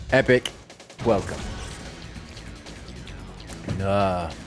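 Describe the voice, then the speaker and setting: An unhurried male streamer talks his viewers through a retro game session in a loose, rambling way. His pitch rises and falls freely, and he chuckles now and then as he chats. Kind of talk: casual gameplay chat.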